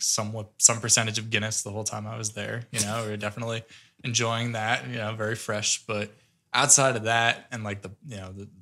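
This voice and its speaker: A man co-hosting a casual podcast, relaxed and rambling, full of fillers as he talks. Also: on the low side. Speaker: podcast co-host.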